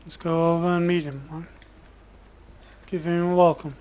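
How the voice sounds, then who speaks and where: A man commentating his own gameplay in a relaxed, casual way, bantering sarcastically with game characters and swearing when annoyed. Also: a little high, moderate pace, clean tone. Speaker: gamer streamer.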